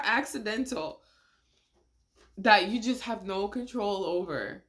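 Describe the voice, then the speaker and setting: A woman hosts a casual reaction video, sounding animated and incredulous, laughing often and tossing out rhetorical questions. Her voice sits in the mid range and moves a little slowly.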